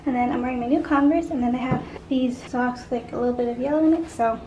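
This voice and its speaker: Young woman vlogger, high bright voice, chatty, noisy background. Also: quick pace, highs cut off. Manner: chatty, upbeat, filler-heavy. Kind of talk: casual vlog chat.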